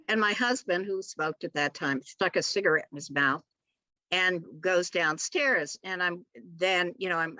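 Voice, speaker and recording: A woman author on a panel, telling a funny family story in an animated way and acting out the people in it. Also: on the low side, dry recording. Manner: animated storyteller who acts out other people's voices. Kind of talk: comic personal anecdote.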